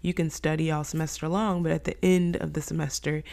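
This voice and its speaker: A woman's voice: sits low, little pitch movement, a little fast, creaky, a little mellow. A young woman hosting a faith-based podcast, telling a candid personal story and acting out her own quoted thoughts. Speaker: podcast host.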